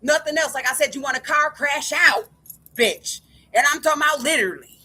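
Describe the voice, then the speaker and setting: Woman vlogger, high bright voice, furious profane rant that keeps circling back on itself. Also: brisk. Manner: angry, profane, keeps repeating "like I said". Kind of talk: ranting monologue to camera.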